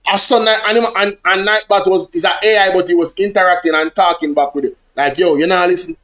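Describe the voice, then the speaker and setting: Jamaican male streamer, fairly high-pitched, lively chat to viewers, drops into patois. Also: brisk. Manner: animated, slips between English and patois, addresses chat directly. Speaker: livestream host. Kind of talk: casual livestream commentary.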